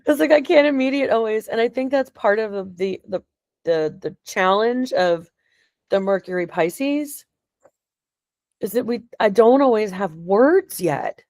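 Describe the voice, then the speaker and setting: A woman's voice: medium pitch, lively intonation, a little slow, a little mellow, no room sound, clean studio sound. A middle-aged woman chatting casually during a reading, rambling and emotional, often laughing as she talks. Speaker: client getting a reading. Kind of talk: casual conversation.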